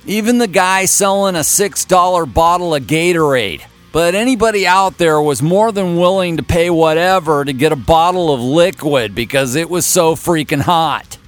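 A man's voice: fairly high pitch, moderate pace, hardly any pauses, soft background music. A man in his fifties from Kansas City telling a casual, wry and folksy story as a podcast host. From Kansas City area, USA. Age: 50s. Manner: folksy, wry and self-mocking.

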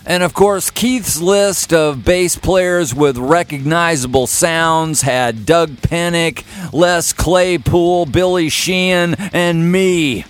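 A man hosting a rock music podcast, talking in a relaxed, wry way. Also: a little high, takes it slowly, few pauses, smooth. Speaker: podcast host. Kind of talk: casual podcast talk.

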